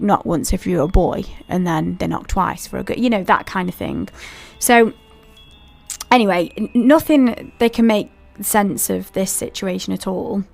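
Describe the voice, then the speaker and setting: A woman's voice: medium pitch, creaky. A woman hosting a podcast, telling a paranormal story in a chatty way and talking straight to her listeners with asides. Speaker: podcast host.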